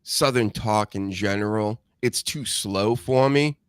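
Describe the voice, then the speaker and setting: A man's voice: on the low side, measured pace, smooth, no room sound, clean studio sound. A man from New England hosting a live-stream show, chatting bluntly with crude jokes. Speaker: host. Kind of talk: casual live-stream chat.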